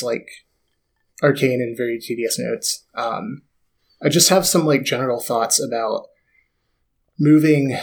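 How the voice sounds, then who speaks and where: A man's voice: medium pitch, creaky. A man co-hosting a podcast in a casual discussion, easygoing and hesitant with many "um"s. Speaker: podcast co-host.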